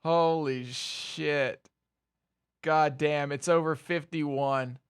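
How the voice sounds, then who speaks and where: A young man livestreaming, reacting to market swings with swearing, laughter and excited exclamations. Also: a little high, extremely slow, smooth. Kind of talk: excited live stream commentary.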